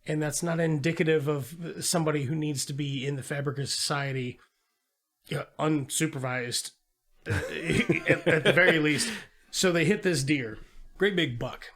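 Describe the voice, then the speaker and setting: A man with a slightly higher voice co-hosts a podcast, loosely and profanely recapping a film's plot. He animatedly acts out quotes and jumps into quick character impressions along the way, so it feels like an easygoing movie chat between friends.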